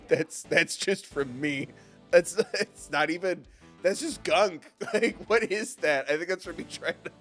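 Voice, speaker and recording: A man streaming a game live, expressive and swearing, with frequent laughs and loud outbursts. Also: on the high side, measured pace. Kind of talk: live gaming commentary. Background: faint game music.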